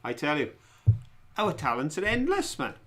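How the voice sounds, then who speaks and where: A man's voice: on the high side, wildly swooping pitch, normal speed, a bit bright. A man co-hosting a casual live stream, joking around, telling anecdotes and asking quiz questions. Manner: jokey, storytelling, quizmaster.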